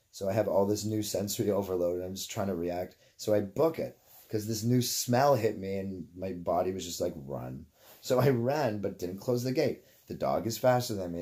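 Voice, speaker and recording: A man's voice: lowish voice, warm tone. A Canadian man telling a story casually, swearing freely and wandering off on tangents. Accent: Canadian English. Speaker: vlogger.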